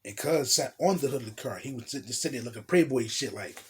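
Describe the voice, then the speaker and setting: Husky-voiced man telling a street story. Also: mid-range voice, fast. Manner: profane, animated, street slang, acts out quotes. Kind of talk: casual storytime monologue.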